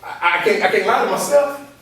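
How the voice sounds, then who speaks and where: A high-voiced man gives an animated motivational talk to a room full of listeners and keeps asking if they follow him. He sounds distant from the microphone, with a strong echo of the room around him. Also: fairly quick. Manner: animated call-and-response, repeatedly asking the audience to follow along. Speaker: motivational speaker and coach. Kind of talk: motivational talk to a live group. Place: meeting room with an audience. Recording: echoey room from far off.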